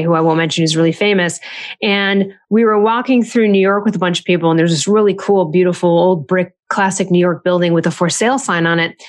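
A woman author giving parenting advice in casual podcast talk. She is chatty and animated and acts out quoted lines with jumps in pitch.

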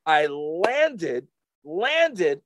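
A man casually telling a rambling, animated story full of fillers to a friend. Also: fairly high pitch, drawn-out words, a little hiss or hum. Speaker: storyteller in a chat.

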